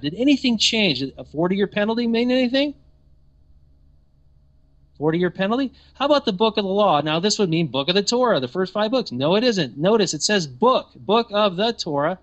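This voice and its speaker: Male teacher, sermon delivery, emphatic questioning, a bit higher pitch. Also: fairly bright tone, dull audio.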